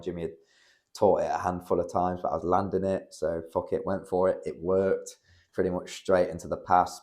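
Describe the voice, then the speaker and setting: Low-voiced young man rambling. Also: darkish tone. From United Kingdom. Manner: rambling, heavy on 'like' fillers and swearing. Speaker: guest, amateur MMA fighter. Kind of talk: casual podcast storytelling.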